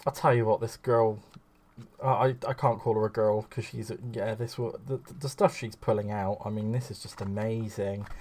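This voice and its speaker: A man's voice: on the low side, fairly even intonation, moderate pace, a little mellow. A man hosting a live crafting stream, chatting in a rambling, gushing way and greeting viewers fondly. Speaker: craft livestream host.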